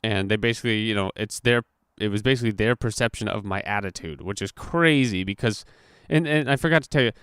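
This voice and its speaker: Barely pausing, a young man rattles off a story fast in a smooth, low voice as a podcast host. He swears a lot and acts out quotes with animation, and the clean studio recording has no echo.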